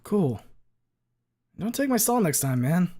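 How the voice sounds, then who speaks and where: A man's voice: sits high, sing-song, slow, mellow, voice pushed up, heavily acted. A man voicing an easygoing teenage boy who talks casually and keeps calling his friend dude and man. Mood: earnest. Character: easygoing teenage boy, a laid-back bro.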